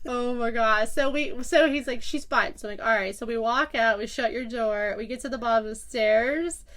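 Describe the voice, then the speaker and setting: Woman podcast host with a high voice, chatty and animated, laughs a lot while she tells the story. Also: normal speed. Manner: animated, acts out quotes, laughs often. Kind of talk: casual storytelling chat.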